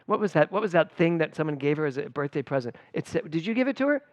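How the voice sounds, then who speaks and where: A middle-aged man, a spiritual director, giving a conversational sermon at a church service, telling personal stories with lively emphasis. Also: a little high, fast, dry recording, muffled recording. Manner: animated and personal, storytelling with emphatic swings.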